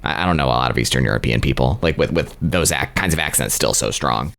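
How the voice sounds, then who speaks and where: A man's voice: very deep voice, lively intonation, fast, gravelly, fairly bright tone. A man co-hosting a podcast, giving hesitant opinions in casual chat with many fillers and restarts. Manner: hesitant, lots of ums and restarts. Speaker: podcast co-host. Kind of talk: casual movie-review chat.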